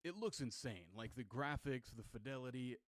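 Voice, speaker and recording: A man giving an excited trailer breakdown as a video game commentator. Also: medium pitch, moderate pace, dry recording. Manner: excited, enthusiastic.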